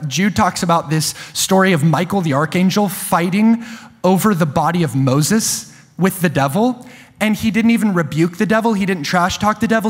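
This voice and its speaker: Husky, higher-voiced male preacher in a hall. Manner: animated, playful wordplay, swings from hushed asides to shouts. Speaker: preacher and TV host. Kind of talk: energetic televised sermon. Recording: long hall reverb.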